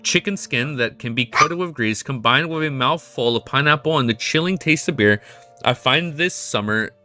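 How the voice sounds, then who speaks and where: A man livestreaming as he reads a novel aloud in steady first-person narration, breaking off now and then to scold his pet. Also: medium pitch, normal speed, soft background music. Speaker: streamer.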